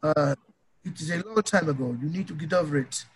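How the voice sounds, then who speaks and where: A man's voice: a little high, fairly quick, slight background noise, close to an everyday voice. A man voicing a dismissive African man who condescendingly lectures his listener in a mocking tone.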